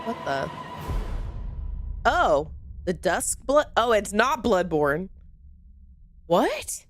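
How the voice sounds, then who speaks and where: A woman streaming a live reaction, excitable and quick to exclaim and laugh. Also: medium pitch, a little hiss or hum.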